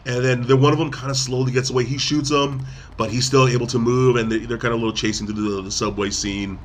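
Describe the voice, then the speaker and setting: A man's voice: mid-range voice, level tone, fast, slight background noise. A man co-hosting a podcast, casually retelling a film's plot with lots of fillers and restarts. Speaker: podcast co-host. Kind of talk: casual film review chat.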